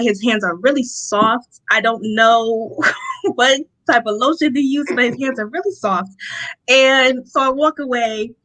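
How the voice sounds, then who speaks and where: A young woman from Rochester, New York, a guest telling a personal testimony in an interview, animated and often acting out what people said. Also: a little high, poor audio. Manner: animated storytelling, acting out quotes, laughs often.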